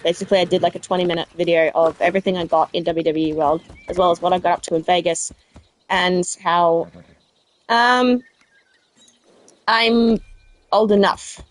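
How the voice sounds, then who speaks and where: A woman's voice: fairly low pitch, steady tone, normal speed, pauses often. A woman with a South Australian accent, chatting casually with viewers while playing a game. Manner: chatty, rambling, answers live chat. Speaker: let's play streamer. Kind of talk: casual gaming chat with viewers.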